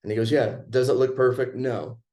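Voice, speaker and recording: A man's voice: medium pitch, steady tone, brisk, mellow. A young man telling a personal story in a casual chat, laid-back and chuckling as he goes.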